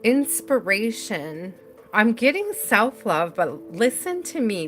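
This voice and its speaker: A woman's voice: medium pitch, a bit bright. Chatty, giggly woman reading tarot. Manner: chatty, giggly, addresses viewers by name. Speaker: tarot reader. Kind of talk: live tarot reading for viewers.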